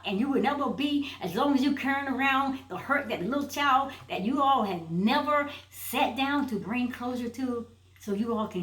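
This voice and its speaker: A woman's voice: high-pitched, a bit bright, echoey room, far from the mic. A woman giving a motivational self-help video message, emphatic and repeating her phrases for force.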